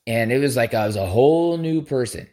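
A man's voice: medium pitch, expressive, a little fast, warm tone. A man hosting a podcast, telling a long story in a casual, rambling way, swearing freely and acting out his own thoughts. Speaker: podcast host.

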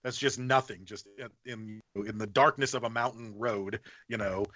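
In a low-ish voice at normal speed, a podcast guest recounts a story casually, swearing a lot and performing what others said with animated energy. The podcast audio is dry and a bit muffled.

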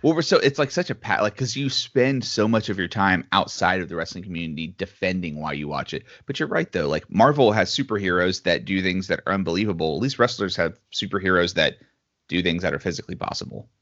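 A man's voice: low voice, lively intonation, fast, fairly bright tone. A man co-hosting a casual podcast chat, thinking aloud with lots of fillers. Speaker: podcast co-host. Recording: slightly dull lo-fi audio.

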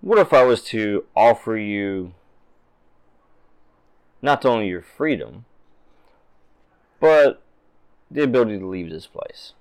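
A man voicing a calm, composed businesswoman who is questioning a prisoner in a tabletop game. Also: on the low side, slow, long pauses, smooth. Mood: cool, probing.

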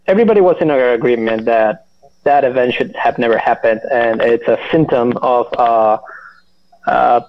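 Gravelly man. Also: medium pitch. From Mexico. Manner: halting, many fillers and restarts. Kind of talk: casual chat. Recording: muffled lo-fi audio.

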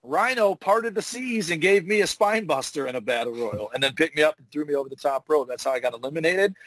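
A man, a former wrestler, telling profane, animated stories in casual podcast chat. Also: on the high side, fast talker, no echo. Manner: profane, animated storyteller acting out moves. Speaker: retired pro wrestler, podcast host.

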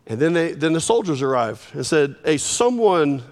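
A man preaching a sermon, telling the story in an animated way, with sudden swings in volume. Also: a little high, fairly quick. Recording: long reverb of a large hall.

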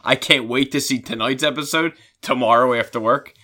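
A man co-hosting a casual chat, rambling and restarting often as an excited fan. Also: mid-range voice, a little fast. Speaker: podcast co-host.

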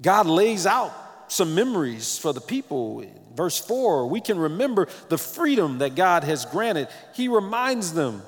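A man preaching a sermon as pastor, animated, sometimes breaking into snatches of song, with his morning voice. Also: high-pitched, normal speed, big-room sound.

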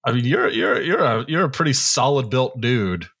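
A man in his thirties, mid-pitched, swapping stories on a casual podcast. He acts out each quote as he goes and swears with ease. His tone stays loose and conversational. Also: normal speed, vocal fry, slightly rough. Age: 30s. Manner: animated storyteller, acts out quotes, swears freely. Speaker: podcast co-host. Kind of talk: casual storytelling chat.

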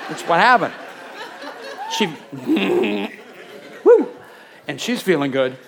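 A man's voice: high-pitched, very animated, slow pace, creaky, a crowd in the background, background noise. A man preaching a sermon, talking animatedly and acting out Bible scenes in different voices. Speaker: pastor.

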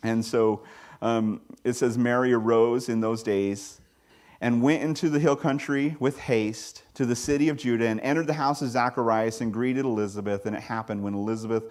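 A man giving a sermon as pastor, in a conversational preaching style with sudden high-pitched asides. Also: fairly even intonation, moderate pace, a little mellow.

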